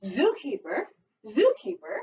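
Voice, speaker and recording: A young woman librarian reads a picture book to children in a bouncy sing-song voice that leaps wildly up and down. She takes her time, slightly high-pitched, laughing often. The recording sounds distant and muffled, as if caught from across a room. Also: takes it slowly. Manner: lively sing-song read-aloud with frequent laughs. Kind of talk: prerecorded children's storytime. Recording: distant dull mic in a room.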